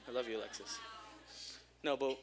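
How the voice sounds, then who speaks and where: A young man giving a casual, energetic sermon at a church service, joking with the crowd and talking openly about himself. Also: medium pitch, normal speed. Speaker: church speaker.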